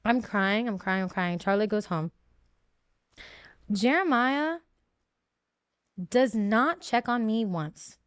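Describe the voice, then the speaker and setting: A woman's voice: a little high, animated, slow, long pauses, clear, resonant tone, no room sound, clean studio sound. A woman in her twenties, a guest telling her story in casual chat, emotional and full of fillers.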